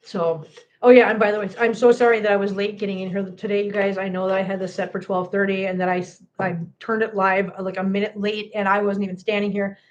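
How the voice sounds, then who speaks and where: A woman's voice: medium pitch, little pitch movement, fast talker, lo-fi sound. A woman hosting a cat channel livestream, tearful and talking to viewers in an emphatic, impassioned way that repeats phrases.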